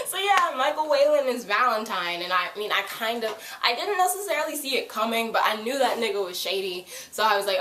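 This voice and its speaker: A woman chatting casually through a TV episode recap, animated, jumping into loud high voices to act out lines. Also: a little fast, few pauses, a little hiss or hum. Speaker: TV episode reviewer. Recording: roomy echo.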